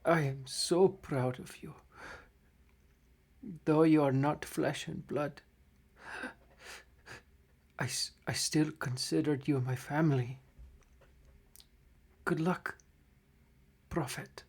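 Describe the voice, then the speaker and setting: A frail old gnome is dying, gentle and fatherly, voiced by a man. He speaks softly and haltingly, in a voice pitched a little high. The story is told as a tabletop adventure. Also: steady tone, vocal fry, breathy edge, exaggerated voice. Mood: tender, fading. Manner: weak, soft and halting, breaks into coughs.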